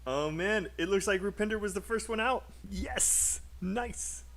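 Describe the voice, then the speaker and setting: A man's voice: high-pitched, a little slow, a bit bright. A British man who teaches English in a live online class, upbeat and explaining, modelling sentences aloud for his students.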